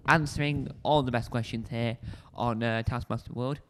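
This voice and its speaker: A man's voice: medium pitch, steady tone, measured pace. A man hosting a casual solo review, rambling and correcting himself often, seated at a desk mic. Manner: rambling, self-correcting, chatty. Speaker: show reviewer, video host. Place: indoors, seated on a squeaky spinny chair. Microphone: desk mic close to the face.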